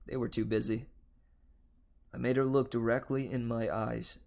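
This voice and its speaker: A man reading a novel aloud on a livestream, telling the first-person story in a steady, unhurried way. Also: medium pitch, creaky. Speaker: livestream reader.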